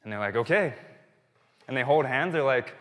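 A man's voice: medium pitch, fast. Thirties male pastor, chatty storytelling sermon, reverberant hall. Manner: conversational, warm-hearted storytelling with restarts. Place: church sanctuary.

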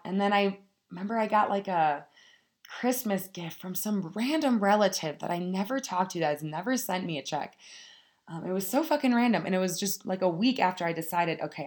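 Woman, motivational speaker, candid and profane, slightly low voice, casual direct address. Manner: frank, profane, addresses listeners as "you guys".

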